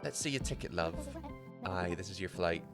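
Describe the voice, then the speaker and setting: Friendly gate agent who calls everyone love, a guy doing the voice, low voice. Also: animated, normal speed, music in the background. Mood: chummy. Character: chatty, helpful airport ticket agent.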